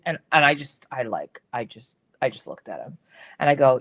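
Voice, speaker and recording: A woman's voice: sits low, normal speed. Chatty middle-aged woman with a slight whistle. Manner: chatty, animated storytelling with frequent fillers and repeats. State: slight whistle from a missing tooth. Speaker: jewelry seller hosting a live stream. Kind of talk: casual live-stream chat.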